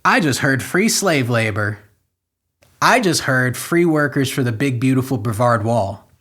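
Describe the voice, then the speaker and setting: A man hosting a comedy podcast, reading news stories aloud and riffing on them with crude, sarcastic jokes and sudden loud outbursts. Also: mid-range voice, animated, measured pace.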